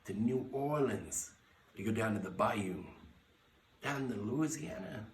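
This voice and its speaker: A man's voice: mid-range voice, lively intonation, measured pace, vocal fry, slight background noise. A man hosting a podcast, giving brash, profane sports picks in casual talk and hyping his teams. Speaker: podcast host. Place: bar lounge. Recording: echoey room, mic at a distance.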